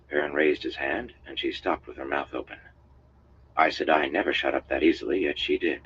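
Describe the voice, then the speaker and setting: A man with an extremely deep voice reads a fantasy novel in a steady, even way. The stream audio is dull and lo-fi with a faint hiss behind him. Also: normal speed. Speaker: audiobook reader.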